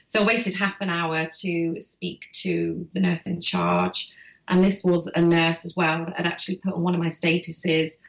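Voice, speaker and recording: A woman host chatting casually and telling a personal story in a candid, animated way. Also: lowish voice, moderate pace, gravelly. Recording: roomy echo.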